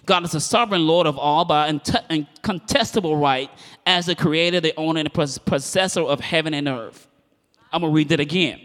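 A man's voice: on the high side, brisk, fairly bright tone, big-room sound. A male pastor preaching a sermon in a church, telling stories with animation and building to impassioned, fiery preaching.

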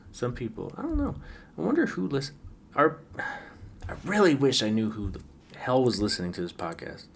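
A man's voice: medium pitch, big pitch swings, moderate pace, gravelly, long pauses, a little hiss or hum. A man hosting a late-night solo podcast, rambling wryly with frequent stammered restarts. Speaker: podcast host.

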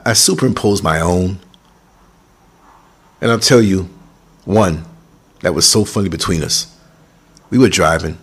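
A man talks casually to his podcast audience and tells personal stories in a reflective way. His voice sits on the low side and has a husky texture. He gets animated when a memory comes back to him. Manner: reflective storytelling, animated on recalled moments. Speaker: podcast host. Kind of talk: casual monologue.

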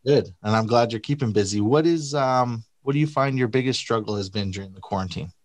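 A man's voice: mid-range voice, fairly quick, no echo. A man hosting an interview, asking short friendly questions with the odd "uh". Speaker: interview host.

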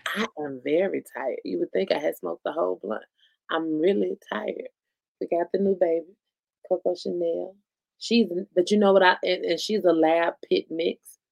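Woman cohosting a podcast, low gravelly voice, laughs a lot, cusses, dry close sound. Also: moderate pace, a little mellow, dry recording. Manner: loose and blunt, laughs often, swears freely. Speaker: podcast co-host. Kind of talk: casual chat.

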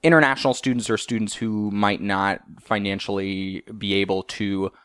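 A young man from the United States with a low voice, talking as a comedian on a podcast. The sound is close and dry. He rambles a bit in a wry, easygoing way. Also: steady tone, moderate pace, fairly bright tone, smooth, no room sound. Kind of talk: casual chat.

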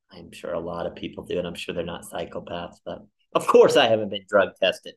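A young man hosting a podcast, telling a comic story alone and acting out the people he quotes in jumpy, animated voices. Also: low-pitched, brisk, few pauses. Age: young adult. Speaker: podcast host. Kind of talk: casual comedic monologue.

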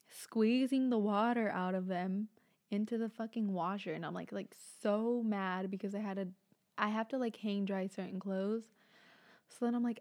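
Young woman, podcast host, casual rambling monologue, frank, swears a lot, filler-heavy, recorded at home at night, medium pitch. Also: steady tone, normal speed, darkish tone.

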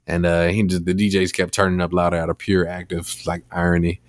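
Low-voiced man rambling casually on a podcast. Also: a little fast, dry recording. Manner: rambling with many fillers, animated retelling. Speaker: podcast host. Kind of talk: casual chat.

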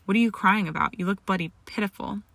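A sneering, cruel young wizard, read by a woman who barks demands and mocks. The voice is bright and gravelly, with a dry, close sound. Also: mid-range voice, fast, dry recording. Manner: demanding, mocking.

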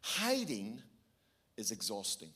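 A middle-aged man with a Belfast accent, preaching a sermon and telling a lively story with shifting pace for emphasis. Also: lowish voice, takes it slowly, breathy edge. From Northern Ireland. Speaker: pastor.

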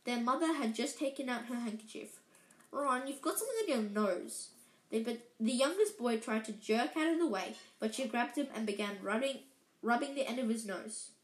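Woman reading a storybook aloud, halting. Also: a little high. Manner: halting, with slips and self-corrections. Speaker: reader. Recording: echoey room.

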